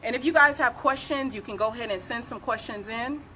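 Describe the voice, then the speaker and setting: Bright-voiced woman attorney giving advice. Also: a little high, brisk, a little hiss or hum. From United States. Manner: emphatic, instructive, repeats key phrases. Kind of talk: live legal advice talk.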